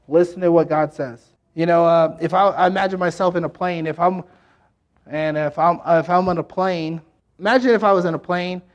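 A man preaching a sermon in an earnest, halting way, with many fillers and restarts. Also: a little high.

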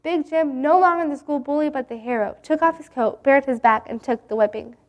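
A woman reading a Bible story aloud in an earnest, gentle way. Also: sits high, fairly quick, lo-fi sound.

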